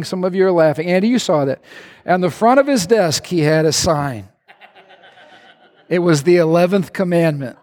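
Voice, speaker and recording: A male pastor preaching a sermon in a church, animated and conversational with a humorous streak. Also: high-pitched, long reverb tail.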